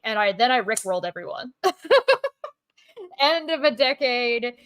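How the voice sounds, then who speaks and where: A woman's voice: on the high side, animated, moderate pace, fairly bright tone, clean tone, no echo. Giggly woman co-host chatting. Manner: giggly, storytelling. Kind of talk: casual chat.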